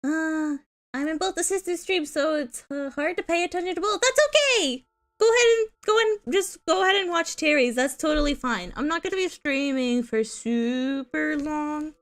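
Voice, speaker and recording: Giggly high-voiced woman streamer. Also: expressive, moderate pace, fairly bright tone. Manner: giggly, rambling, playful whining. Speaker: VTuber streamer. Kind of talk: casual live-stream chat.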